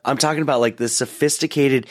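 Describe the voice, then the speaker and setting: A man's voice: mid-range voice, steady tone, fast, dry recording, studio quality. A man co-hosting a podcast in casual chat, joking and poking fun at himself. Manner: joking, self-deprecating banter with many restarts. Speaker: podcast co-host.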